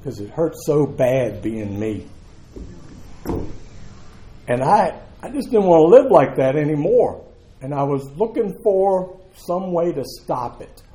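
A man's voice: fairly high pitch, big pitch swings, slow, mellow, echoey room. A man, telling his recovery story to a live meeting in a candid, earthy, conversational way. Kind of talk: personal testimony to a live audience.

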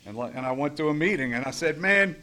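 A man's voice: medium pitch, rapid-fire, fairly bright tone. A middle-aged man sharing his recovery story at a support meeting, blunt and profane, rambling with restarts. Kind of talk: personal recovery share.

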